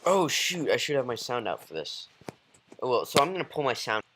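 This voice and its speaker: A man giving rambling, excitable gameplay commentary as a YouTuber, talking straight to his viewers. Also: mid-range voice, fairly quick, slight background noise, low-quality recording. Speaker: gaming YouTuber.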